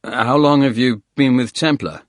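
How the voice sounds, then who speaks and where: A man voicing a guarded British special forces sergeant, terse and measured. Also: mid-range voice, no room sound, studio quality, pitched above the performer's own voice, natural voice.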